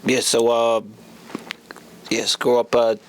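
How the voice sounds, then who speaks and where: A man with a New Zealand accent, a police officer guesting on a podcast, telling his story haltingly with many fillers. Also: mid-range voice, monotone, slight background noise. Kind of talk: casual chat.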